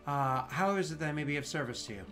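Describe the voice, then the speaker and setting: A man voicing an eager male engineering assistant AI who talks in formal, halting service phrasing. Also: a little high, animated, fairly bright tone, faint music behind. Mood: helpful.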